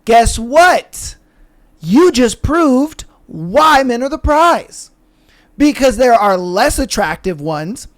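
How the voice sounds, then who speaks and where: A man's voice: extremely high pitch, lively intonation, takes it slowly, fairly bright tone. A man hosting a podcast, arguing his point emphatically with rhetorical questions. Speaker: podcast host. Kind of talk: casual podcast commentary.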